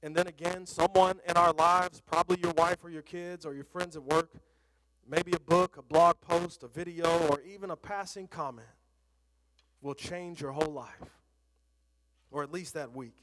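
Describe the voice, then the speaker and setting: A man's voice: a little high, steady tone, normal speed, a bit bright, long reverb tail. A middle-aged man preaching a sermon, talking conversationally and telling personal stories. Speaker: pastor.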